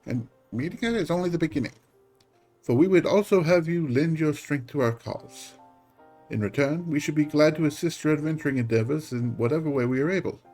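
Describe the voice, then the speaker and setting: A man's voice: fairly high pitch, brisk, darkish tone, voice pushed up, lightly acted. A man voicing a formal, earnest envoy of a secret order in a game, reading with a stately, courteous delivery over faint music.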